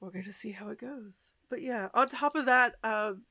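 A woman's voice: fairly high pitch, moderate pace, bright, forceful tone, no room sound. A woman co-hosting a podcast, chatting casually and animatedly, swearing now and then. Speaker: podcast co-host. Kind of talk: casual chat.

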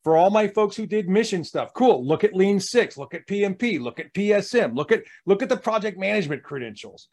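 Man, podcast host, high voice, emphatic, energetic. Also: a little fast, few pauses. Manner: energetic, emphatic coaching tone, acts out quotes. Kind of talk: casual podcast conversation.

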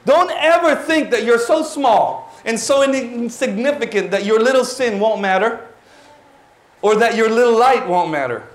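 A man, preaching a lively, exclaiming sermon to his church. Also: very high voice, a little slow. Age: 40s. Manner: animated, exclaiming, drops in Tagalog words. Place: church hall. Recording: roomy church hall.

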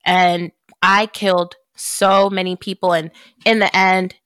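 A woman's voice: fairly low pitch, little pitch movement, unhurried, fairly bright tone, clean tone, no room sound, clean studio sound. A woman hosting a podcast, chatting casually and telling a story with plenty of swearing and laughter. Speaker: podcast host. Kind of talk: casual chat.

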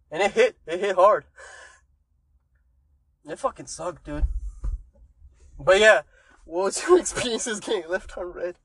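Young man with a higher voice, swearing and laughing. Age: young adult. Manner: swearing, laughing, teasing banter. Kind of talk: casual chat.

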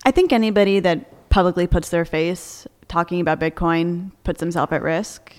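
A woman's voice: on the low side, moderate pace, long reverb tail. A woman co-hosting a casual podcast, arguing her points with energy and laughing often. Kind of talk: casual debate chat.

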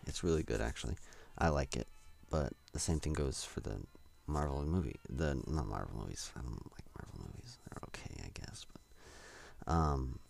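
A man's voice: rumbling low, creaky. A young man hosting a solo podcast, rambling and self-deprecating with lots of hesitations. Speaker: podcast host.

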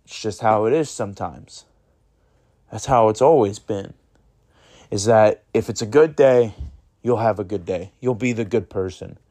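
A man's voice: on the low side, measured pace, pauses often, warm tone. A man hosting his own podcast, talking in an earnest, rambling way and swearing freely as he urges listeners toward kindness. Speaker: podcast host. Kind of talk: casual motivational monologue.

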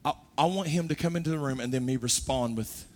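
A man preaching a sermon, moving from quiet, low talk to loud, high-pitched exhortation. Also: fast talker.

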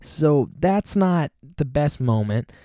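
Mellow-voiced man in casual chat. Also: fairly high pitch, expressive, slow pace, dry recording, clean studio sound. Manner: chatty and playful, jokes about himself. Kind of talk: casual solo talk.

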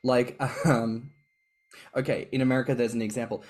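A man's voice: mid-range voice, little pitch movement, normal speed, darkish tone. A man co-hosting a podcast in a campy, playful, teasing manner. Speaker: podcast co-host. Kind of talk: casual chat.

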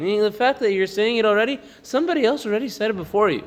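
A high-pitched man, sounding as if he's in a big room, gives a casual Torah lesson. He reads the text aloud rapidly in Hebrew and follows with an English explanation, laughing frequently.

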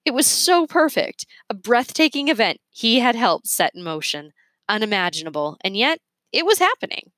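A woman reading a children's novel aloud with expressive, measured storytelling. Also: fairly high pitch, no room sound. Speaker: reader.

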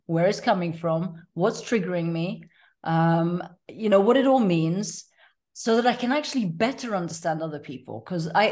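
A woman's voice: lowish voice, darkish tone. A middle-aged woman talks as a guest on a podcast in an earnest, reflective way. She leans on fillers and circles back on her own thoughts as she explains. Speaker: life coach guest. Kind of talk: casual podcast interview.

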